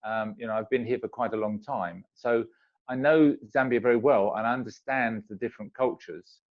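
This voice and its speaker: A man's voice: mid-range voice, normal speed, highs cut off. A man, a guest on a video call, chatting casually and acting out little everyday exchanges. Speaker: interview guest. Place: home in Zambia.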